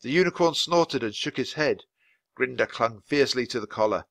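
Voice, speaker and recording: A man reading a children's storybook aloud at a natural, steady pace for learners. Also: medium pitch, normal speed, vocal fry, no echo. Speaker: reader.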